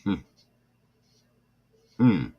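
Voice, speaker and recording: Drawing out his words over lo-fi audio, this middle-aged true crime streamer reads through a report on air. Irritation keeps creeping in, and he calls out individual chat viewers by name in an emotional way.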